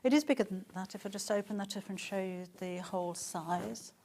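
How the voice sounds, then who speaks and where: A middle-aged woman, presenting a live sales show at an ordinary, even pitch. Her talk is chatty and gushing, and she reads out comments from viewers between her product points. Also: fairly quick. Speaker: shopping channel presenter.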